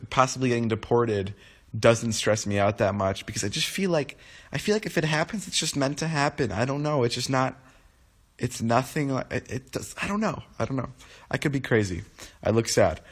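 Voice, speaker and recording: A man's voice: medium pitch, expressive, brisk. A young man in his twenties on a casual livestream, just woken up, rambling with lots of restarts and fillers as he talks to viewers. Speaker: livestream host.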